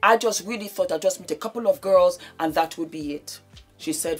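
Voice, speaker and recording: A woman's voice: fairly low pitch, steady tone, moderate pace, slightly rough, faint music behind. A woman in her fifties giving an emotional speech, effusive and repeating her thanks over and over. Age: 50s. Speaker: beauty vlogger giving a thank-you speech.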